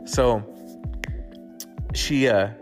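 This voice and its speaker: Clear music runs beneath this man's voice as he shares a personal experience. He speaks at a medium pitch, curses freely, and keeps stumbling into restarts and saying "like" to fill gaps.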